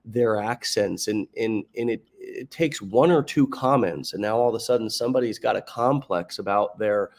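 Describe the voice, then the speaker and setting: A man's voice: on the low side, normal speed, hardly any pauses. A man hosting a podcast interview, who restarts and rephrases his questions as he goes. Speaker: podcast host.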